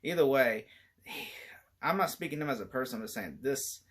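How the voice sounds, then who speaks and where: A man talks through a movie review in a loose, rambling way, with a bright, ringing voice. He gets animated and keeps breaking into laughter as he goes. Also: mid-range voice, moderate pace, breathy edge. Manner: animated, laughs often while talking.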